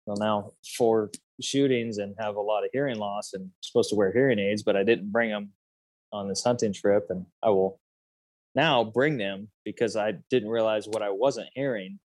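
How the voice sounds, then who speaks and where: A man's voice: lowish voice, steady tone, moderate pace, no echo. A man in his thirties casually telling a hunting story, rambling with many fillers and restarts. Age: 30s.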